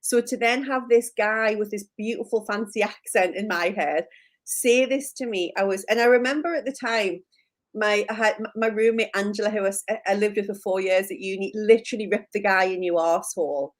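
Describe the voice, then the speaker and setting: A woman's voice: mid-range voice, steady tone, brisk. A woman with a Newcastle Geordie accent telling stories in a chatty live chat, full of "like" and laughing at herself. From Newcastle, England. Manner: chatty storyteller, lots of "like" and self-deprecating laughs. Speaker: co-host.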